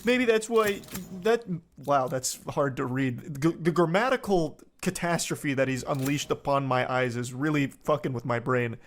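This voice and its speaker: A man's voice: mid-range voice, moderate pace, few pauses. A man streaming live, reading text messages aloud and mocking them with sarcastic, incredulous commentary and frequent swearing.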